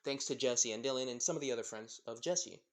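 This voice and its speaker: A man's voice: mid-range voice, fast. A man narrating a homemade fan story in a rambling, filler-heavy way, making it up as he goes. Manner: rambling, many fillers like "pretty much".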